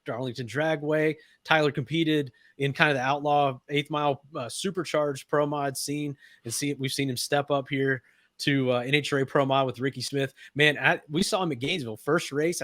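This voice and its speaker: A middle-aged man co-hosting a casual racing talk show, rambling and repeating himself with excitement. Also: fairly high pitch, dry recording, studio quality. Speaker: co-host.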